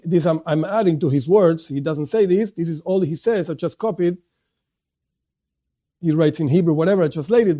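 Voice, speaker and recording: A man teaching a religious class, asking and answering his own questions in a lively way. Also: high voice. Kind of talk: religious lesson.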